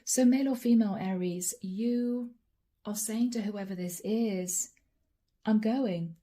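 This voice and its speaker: A woman's voice: medium pitch, unhurried, mellow. A woman giving a channeled tarot reading, talking straight to the viewer in a musing, reassuring way. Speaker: tarot card reader.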